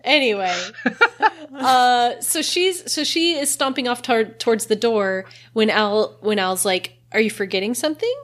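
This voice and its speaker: A woman's voice: a little high, unhurried, a bit bright. A young woman hosts a casual book recap podcast. She talks in a chatty, easygoing way and laughs often. She slips into the characters' lines as she retells the story. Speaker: podcast host.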